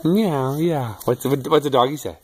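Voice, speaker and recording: A man talking baby talk to his toddler, asking slow sing-song questions and making animal sounds. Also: lowish voice, huge pitch swings. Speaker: parent.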